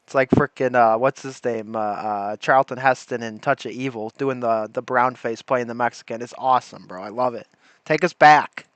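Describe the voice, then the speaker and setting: A man's voice: mid-range voice, normal speed, fairly bright tone, smooth, no echo. A man hosting a livestream, giving loose irreverent commentary with laughs. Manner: irreverent, laughing, says dude a lot. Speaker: livestream host. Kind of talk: casual commentary.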